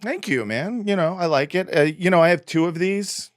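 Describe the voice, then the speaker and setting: With a high-sitting, animated voice at normal speed, this man co-hosts a casual comedy podcast, joking and rambling with lots of fillers. The recording is dry and clean, with studio sound.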